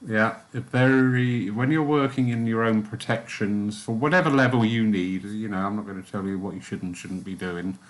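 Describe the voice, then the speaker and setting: A man leading a church group's guided meditation, then chatting casually with them in a gentle, soft-spoken way. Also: fairly low pitch, normal speed, few pauses. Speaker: spiritualist church meditation leader.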